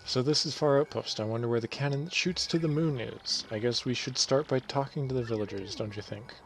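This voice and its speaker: A man's voice: mid-range voice, a little fast, vocal fry, slight background noise. A man giving casual, rambling commentary over a video game, often correcting himself as he goes. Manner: relaxed, rambling, self-correcting. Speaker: let's play host.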